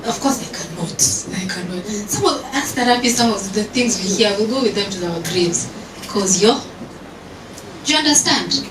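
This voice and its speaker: A female event panelist with a mid-range voice keeps a moderate pace as she tells animated stories, switching into Swahili during a lively exchange with the audience. The setting is an event hall, and the recording sounds distant, roomy, and noisy.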